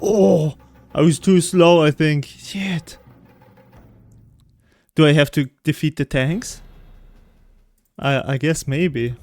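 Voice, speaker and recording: A male streamer talks in an unhurried, rambling way while he plays, often stopping to laugh. His voice sits at a middle pitch over faint game music. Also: fairly even intonation, darkish tone, no echo. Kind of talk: casual gameplay chat.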